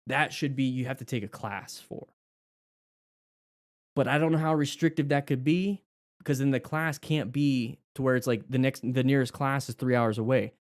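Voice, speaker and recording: Here a US man with a mid-range voice leads a live motorcycle lesson, casually taking viewer questions, musing aloud and correcting himself along the way. The sound is clean and studio-like, with no echo.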